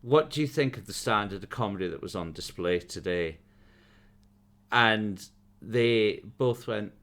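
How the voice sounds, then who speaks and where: A man's voice: lowish voice, normal speed, fairly bright tone. A man, a podcast co-host and comedian, telling an anecdote with lots of laughter in casual chat.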